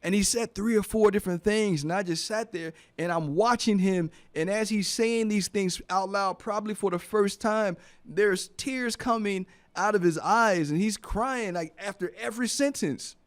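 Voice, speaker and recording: Earnest man with a slightly high voice. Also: normal speed, hardly any pauses. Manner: earnest, heartfelt, repeats phrases for emphasis. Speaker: radio show host. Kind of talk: motivational radio talk. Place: radio studio.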